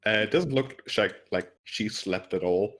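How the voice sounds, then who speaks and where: A man's voice: fairly low pitch, normal speed, a bit bright. A man narrating as game master in a tabletop game, describing scenes hesitantly with frequent fillers and restarts.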